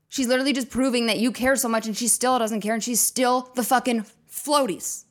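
A woman's voice: fairly high pitch, brisk. A woman hosting a comedy podcast, rambling through a profane casual monologue with lots of fillers and acted-out quotes.

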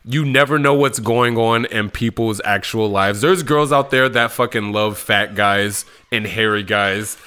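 Brief: male podcast co-host, bright forceful tone, earnest advice-giver. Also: fairly low pitch, unhurried, few pauses, smooth. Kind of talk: casual chat.

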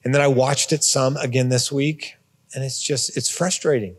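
Man, pastor, conversational sermon, husky, raised pitch, long hall reverb. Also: fairly even intonation, normal speed. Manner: conversational, repeats words, informal asides. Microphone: phone or portable device.

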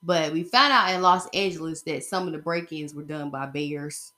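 A woman's voice: sits low, moderate pace, bright, forceful tone. A woman talking in a casual opinion vlog, rambling and emphatic as she speaks straight to her viewers. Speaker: vlogger.

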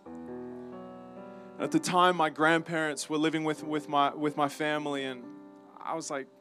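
A man with an Australian accent giving an earnest, halting personal testimony as a campus ministry speaker, his voice full of emotion. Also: fairly high pitch, little pitch movement, fairly bright tone, soft background music.

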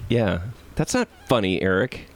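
Podcast host guy, lowish voice, slow easy joking chat. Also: huge pitch swings. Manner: joking, teasing. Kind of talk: casual chat.

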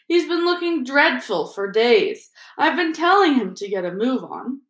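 A woman voicing an old male wizard headmaster who speaks slowly, gently and with measured calm. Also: high voice, roomy sound, voice pushed up. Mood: amused.

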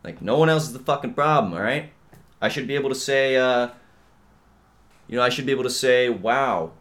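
Profane rambling young man ranting. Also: brisk. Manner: profane, rambling, heavy on "dude" and "bro" fillers; swings between low mutters and loud outbursts. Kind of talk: casual ranting monologue.

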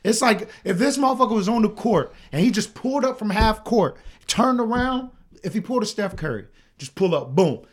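A man's voice: high voice, animated, a little fast, few pauses, slightly rough. A man co-hosting a casual podcast chat, blunt and opinionated, who swears freely and builds his points with long comparisons. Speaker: podcast co-host.

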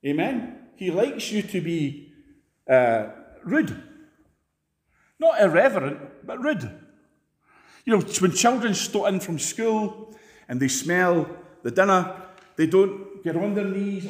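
Male preacher, emphatic, high-pitched, echoey church, rousing sermon delivery. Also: lively intonation, takes it slowly, pauses often.

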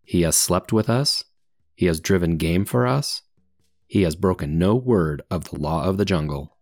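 A man's voice: sits low, moderate pace, darkish tone, no echo, studio quality. A man voicing a dignified old male wolf leader who speaks solemnly and pleads for the boy.

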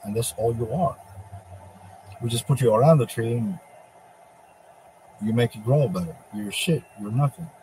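A man's voice: medium pitch, normal speed, pauses often, dark tone, a little hiss or hum, poor audio. Man ranting in a profane, taunting voice. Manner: speaks in the first person as a divine figure addressing Satan. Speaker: religious preacher. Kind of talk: ranting religious monologue.

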